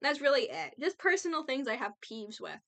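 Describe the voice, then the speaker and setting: A woman's voice: high voice, sing-song, brisk, a bit bright, slight background noise. A woman giving casual, opinionated commentary on a video game, ranting bluntly and playfully with frequent laughs. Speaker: gaming video creator.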